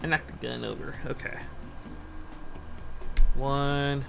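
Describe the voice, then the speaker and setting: A man streaming casually as he builds a model kit. He rambles, asks himself questions and counts steps out loud while he works. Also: mid-range voice, slow, creaky, background noise. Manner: easily sidetracked, lots of restarts and rhetorical questions.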